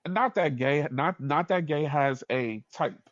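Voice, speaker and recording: A man with a New York accent, a podcast guest telling a story in a slangy, animated way with frequent laughs. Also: on the high side, a little slow, dry recording, lo-fi sound.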